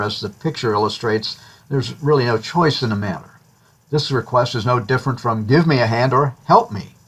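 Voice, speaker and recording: Husky-voiced man lecturing. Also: mid-range voice. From United States. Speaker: instructor. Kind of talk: recorded lecture narration.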